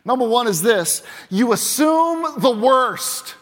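A higher-pitched man preaches from the pulpit, leaning hard into key words and then dropping to a hush. His voice rings out through the long reverb of a large church hall. Each point lands with insistent emphasis. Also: lively intonation, slow pace. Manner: emphatic, swings between loud punches and quiet drops. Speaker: pastor. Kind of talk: sermon.

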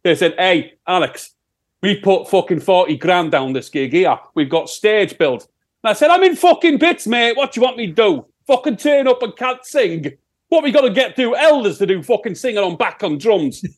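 A man's voice: fairly high pitch, normal speed, voice pushed up, lightly acted. A man voicing a cocky, sweary rock singer with a put-on Sheffield accent, rambling crudely.

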